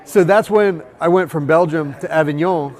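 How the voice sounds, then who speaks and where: A man, a tattoo artist, telling travel stories in casual chat, animated and profane. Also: a little high, moderate pace, some chatter behind. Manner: profane, animated storytelling with quoted voices. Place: busy tattoo convention.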